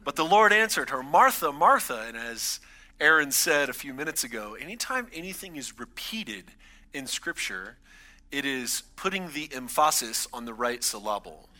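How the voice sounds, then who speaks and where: A man in his thirties preaches a sermon with a very bright, forceful tone. He talks in a conversational way, pressing harder on his key points. His pitch sits in an ordinary middle range for a man. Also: big pitch swings, moderate pace. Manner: conversational preaching, builds emphasis on key lines. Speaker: pastor.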